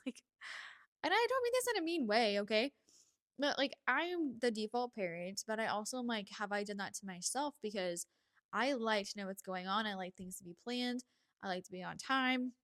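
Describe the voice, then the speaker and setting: A young woman hosting a podcast, chatting casually and confidingly, with frequent laughs and breathy sighs. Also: mid-range voice. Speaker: podcast host. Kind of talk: casual chat.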